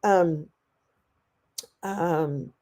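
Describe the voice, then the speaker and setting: Mellow-voiced woman coaching a live class. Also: on the low side, very slow. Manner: animated, acts out quoted voices; reads and answers viewer comments. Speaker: motivational coach. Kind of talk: live online masterclass.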